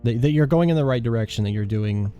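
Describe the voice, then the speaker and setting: A man's voice: mid-range voice, fast talker, highs cut off, faint music behind. A man narrating as game master of a tabletop game, talking loosely with lots of filler words and restarts.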